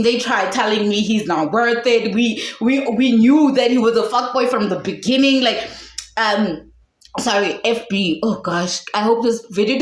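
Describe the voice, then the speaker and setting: Dramatic woman storyteller, echoey room. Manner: dramatic, laughing, bursts into high shouting. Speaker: vlogger. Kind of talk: casual storytelling to camera.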